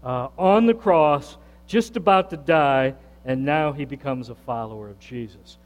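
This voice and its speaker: A man's voice: medium pitch, measured pace, darkish tone. A man preaching a sermon as pastor, emphatic, repeating phrases and putting questions to the congregation. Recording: reverberant hall with faint mains hum.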